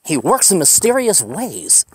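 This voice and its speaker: A man's voice: sits high, huge pitch swings, a little slow, a bit bright, slightly rough. A man hosting a podcast, rambling casually while hiking outdoors on a desert trail, ranting with profane sarcasm. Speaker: podcast host.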